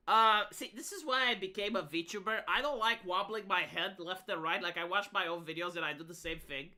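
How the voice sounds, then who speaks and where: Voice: medium pitch, fairly quick, bright, forceful tone. A VTuber streamer giving live reaction commentary, rambling and stammering, with a sarcastic edge.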